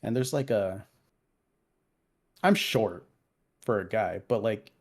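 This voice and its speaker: In a relaxed podcast chat, a man in his thirties spins an animated story laced with swearing and heated tangents as co-host. He speaks slowly, his voice sitting on the low side.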